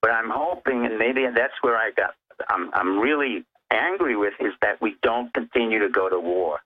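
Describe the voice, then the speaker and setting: This caller has a fairly low voice with lively intonation and a normal speaking speed, heard through a tinny telephone connection. As a phone-in guest, he offers emphatic political commentary, making his points one by one in a lecturing manner.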